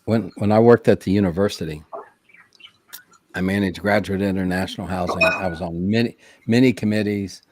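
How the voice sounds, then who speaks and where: Low-voiced man recounting. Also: a little fast, a little mellow, a little hiss or hum. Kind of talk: casual storytelling.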